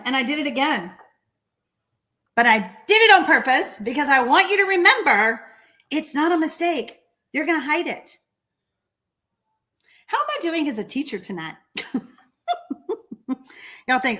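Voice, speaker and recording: A woman with a Texan accent teaching a live card-making tutorial, chatty and excitable, reading out viewer comments as she stamps. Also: high-pitched, measured pace, pauses often.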